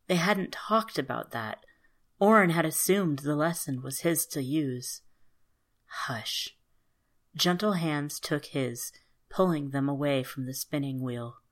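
A woman calmly narrating a fairy tale in an even storybook manner. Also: sits low, a little slow.

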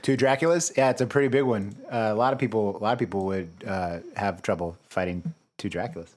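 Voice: quick pace, a little mellow. A podcast co-host riffing and joking in a casual comedy chat. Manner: jokey, swoops up and down in pitch.

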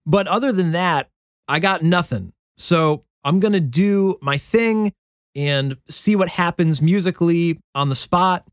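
A man hosting his own songwriting show, thinking aloud about a new song in a relaxed, self-deprecating way. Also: sits high, a little slow, smooth, no room sound, studio quality. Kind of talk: casual talk about songwriting. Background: guitar playing.

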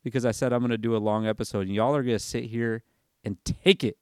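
A man chats on a casual sports podcast in a hyper, rambling way, breaking off to look things up as he talks. His voice is smooth and resonant. It is recorded close and dry, with no room sound. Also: medium pitch, steady tone, quick pace, a little mellow, dry recording. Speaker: podcast host.

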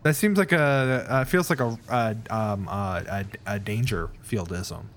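A man's voice: on the low side, a little slow, fairly bright tone. A man co-hosting a podcast, hesitant and dry in casual chat. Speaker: podcast co-host.

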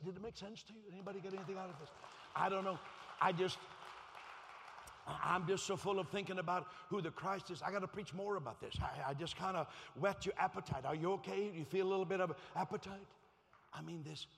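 A man's voice: a little high, fairly quick, creaky, a bit bright. A man preaching a sermon as pastor, telling a personal story in a conversational, self-deprecating way to his congregation. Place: church. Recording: long church hall reverb.

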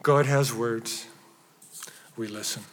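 A man preaching a sermon with emphatic stresses that drop at times to hushed, near-whispered phrases. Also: mid-range voice, steady tone, slow pace, slight background noise. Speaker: pastor. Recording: reverberant church hall.

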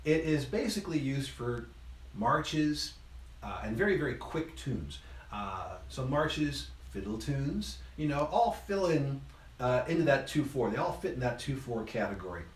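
A man giving an instrument lesson, counting beats aloud in an encouraging, relaxed way while he plays. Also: medium pitch, measured pace, reverberant. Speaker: music teacher.

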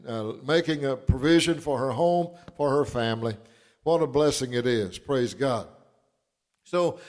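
A pastor, telling folksy stories with chuckles and building into fervent preaching. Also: male voice, fairly high pitch. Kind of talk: sermon.

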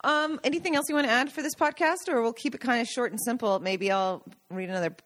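A woman co-hosting a podcast in casual chat, excitable and laughing often. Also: fairly high pitch, quick pace, dry recording. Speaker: podcast co-host.

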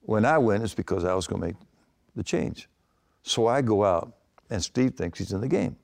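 Older man, gravelly, lowish voice, rambling interview anecdotes. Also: expressive, normal speed, darkish tone. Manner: rambling anecdotes with many restarts and acted quotes. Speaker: retired baseball manager, guest. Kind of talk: storytelling interview answers.

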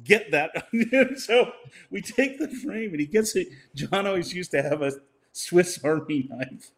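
A man's voice: sits high, lively intonation, measured pace. An older man telling a rambling story in casual conversation, laughing often and acting out what other people said. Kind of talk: casual anecdote.

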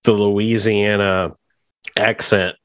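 A man's voice: lowish voice, level tone, takes it slowly, dry recording, clean studio sound. A man hosting a podcast in casual chat, joking and bantering with his co-host.

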